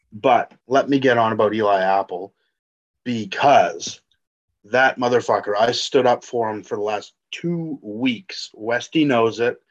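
A man telling an excited, profane story about watching his team win, on a podcast. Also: lowish voice, lo-fi sound. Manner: loud, profane, animated fan talk. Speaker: podcast guest, sports fan.

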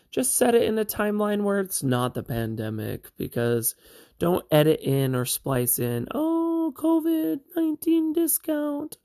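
A man's voice: mid-range voice, creaky, a little mellow. A man giving a casual spoken review of a TV series, chatty and meandering with frequent asides.

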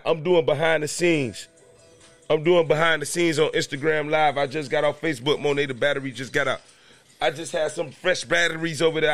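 A man's voice: a little high, a bit bright. A man hosting a casual podcast from a room at home, ranting in an agitated, repetitive way and raising his voice at times. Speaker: podcast host.

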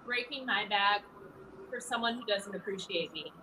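Bright-voiced woman, animated and laughing. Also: mid-range voice, normal speed, slight background noise, low-quality recording. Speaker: interview guest, former pageant titleholder. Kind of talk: casual interview chat.

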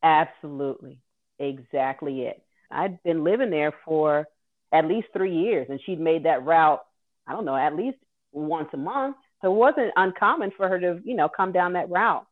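A woman's voice: sits low, normal speed. A woman telling an earnest, vivid personal story as a guest host. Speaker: guest host sharing her caregiving story. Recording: tinny phone-like audio.

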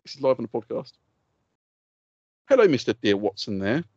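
A man's voice: mid-range voice, sing-song, moderate pace, dark tone, muffled recording, slight background noise. A man co-hosting a podcast, swearing freely and ranting in heated, laughing banter. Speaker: podcast co-host. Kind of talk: casual chat.

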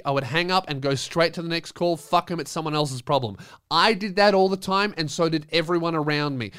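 A man's voice: on the high side, fairly bright tone, clean tone, no room sound, studio quality. A man hosting a comedy podcast, giving listeners blunt, profane, emphatic advice. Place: podcast studio.

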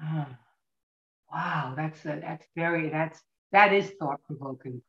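A woman actress, a podcast guest, telling stories in an animated way and acting out what people said. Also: low voice, slow. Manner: animated, acts out quoted voices. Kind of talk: anecdotal podcast storytelling. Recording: dull, roomy recording.

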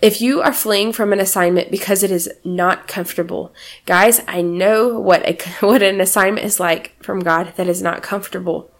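Woman, sermon, lively preaching, laughs often, acts out quotes. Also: medium pitch, normal speed. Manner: animated, laughing, acting out quotes.

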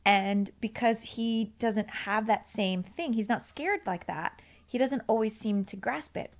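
Her voice sits on the high side and she takes her time, though the recording is muffled. Telling a personal story openly, this woman relives an argument with her partner and voices each person's lines herself.

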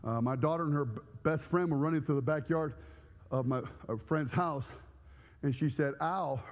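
A middle-aged male pastor telling a story in a sermon, acting out the scenes with shouts and sound effects. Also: a little high, moderate pace. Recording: echoey hall.

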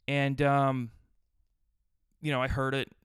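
Male podcast host, smooth clear voice, dry close sound, crude rambling riffs. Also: medium pitch, completely flat delivery, slow, fairly bright tone, no echo. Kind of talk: solo podcast rant.

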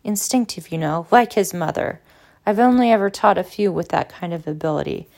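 A woman voicing a jolly, tipsy old male professor who talks loudly and effusively in a storybook reading. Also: on the low side, animated, fairly quick, gravelly. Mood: jovial. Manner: hearty, loud and effusive.

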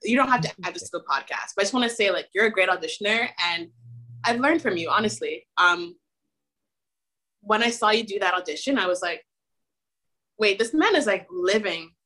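A woman guest on a podcast, talking with animated enthusiasm. She leans into each story with lots of warmth toward her host. Her voice has a strong, bright edge. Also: medium pitch, a little fast, poor audio. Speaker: guest actress. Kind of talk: casual chat.

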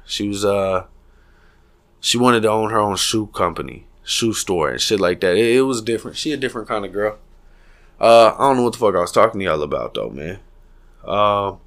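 A man's voice: sits low, a bit bright. A man hosting a solo podcast, rambling and profane, hyping himself up between stalls and tangents. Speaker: podcast host.

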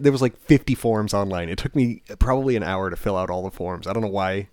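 A man with a fairly low voice tells a long personal story in a relaxed podcast chat. He gets animated and laughs, acting out the people he quotes. The sound is dry and close. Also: fast talker, few pauses, no echo. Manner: animated, laughing, acts out other people's lines. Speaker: podcast co-host.

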